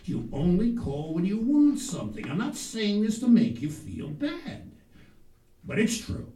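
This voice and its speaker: A man's voice: a little high, big pitch swings, moderate pace, gravelly, darkish tone. A man playing a grumpy old father who bluntly scolds his son in a comic monologue. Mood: scolding. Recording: roomy, distant mic.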